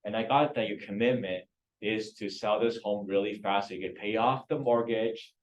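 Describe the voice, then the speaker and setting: A man's voice: on the low side, steady tone, normal speed, muffled recording, slight background noise. A man leading a real estate training class, quizzing students and coaxing answers. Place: training room.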